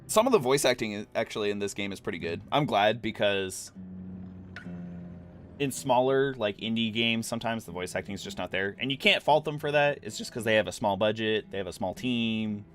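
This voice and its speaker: Chatty low-voiced male streamer. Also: brisk. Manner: chatty, talks to chat, frequent fillers. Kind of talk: casual gameplay commentary. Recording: game music playing behind.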